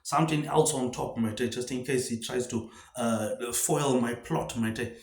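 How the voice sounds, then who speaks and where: A man's voice: mid-range voice, a little slow, a little mellow. A man rambling through a solo monologue, firing off rhetorical questions and tagging "mate" onto nearly every phrase. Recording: echoey room.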